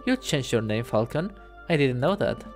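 A man's voice: medium pitch, sing-song, normal speed, faint music behind. A man voicing an eager young male sparrow assistant who sounds curious and questioning.

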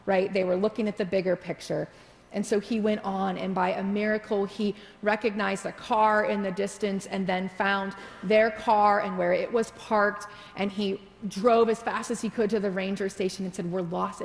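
In a church sanctuary full of reverb, a woman pastor with a medium-pitched voice and some vocal fry tells a story during her sermon. Preaching in a storytelling style, she gradually builds toward prayer.

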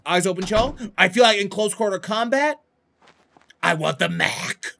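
A man doing let's play commentary on a horror game, crude and animated, breaking into startled shouts. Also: high-pitched, moderate pace, creaky, a little hiss or hum. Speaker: gaming YouTuber. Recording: game music playing behind.

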